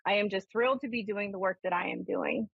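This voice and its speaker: A woman from Ohio, a spiritualist minister and psychic medium, telling a story and giving readings on a call-in show in a chatty, animated way with many fillers. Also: medium pitch, quick pace, creaky, husky, dry recording, narrow, tinny audio.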